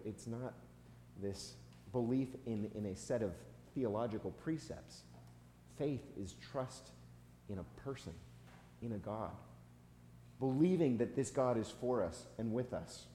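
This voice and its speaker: An American pastor with a medium-pitched voice preaches conversationally in a church sanctuary, sharing a personal story with some restarts and soft laughs. The recording has a little hiss or hum, faint ambience, and the echo of a church hall.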